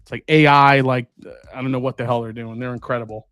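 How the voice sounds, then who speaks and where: A man's voice: medium pitch, steady tone, fast talker, a bit bright, smooth, soft background music. A man hosting a live stream, chatting casually and rambling while tasting and answering viewer comments. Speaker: host.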